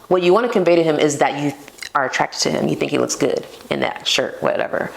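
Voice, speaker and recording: A woman's voice: sits low, brisk, creaky. A young woman hosting a casual solo podcast, talking playfully and poking fun at herself. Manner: playful and self-mocking, laughs at herself. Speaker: podcast host.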